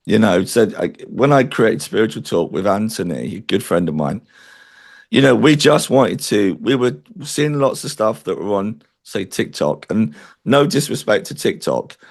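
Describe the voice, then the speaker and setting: Man, gravelly, lowish pitch, earnest, chatty, interview guest. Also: expressive, normal speed. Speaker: spiritual medium guest. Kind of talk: interview conversation.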